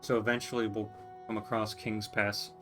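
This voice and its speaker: A man's voice: lowish voice, little pitch movement, normal speed, music in the background. Man musing through a game stream. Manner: musing to himself, reading on-screen text aloud. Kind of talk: casual gameplay commentary.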